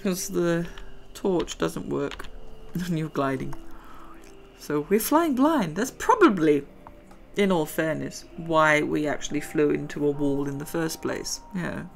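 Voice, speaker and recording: Slow, gravelly middle-aged woman. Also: deep voice, animated, slight background noise. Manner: chatty, rambling, giggly asides. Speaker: gaming video host. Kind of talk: casual let's-play commentary.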